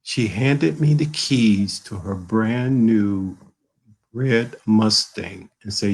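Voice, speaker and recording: Guest author, male, from the American South: low gravelly voice, husky edge, earnest and halting, on a video call. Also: poor audio. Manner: earnest, halting, with many fillers. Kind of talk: emotional personal storytelling.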